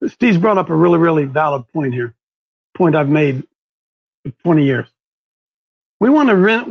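A man's voice: sits high, highs cut off. A man hosting and preaching to a small live group, fiery and emphatic, repeating key words for force. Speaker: show host and preacher.

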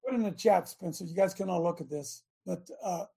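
A man's voice: sits high, a little fast, creaky, husky. A man hosting a broadcast and preaching emphatically over a played clip, quoting scripture. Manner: emphatic, quotes scripture, bursts into shouts. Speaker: host.

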